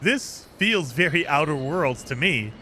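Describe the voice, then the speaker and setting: A gaming streamer gives casual let's-play commentary, chatting and rambling about his impressions and laughing often. His voice is a little high, sharp, and animated, at a measured pace. Slight background noise is audible.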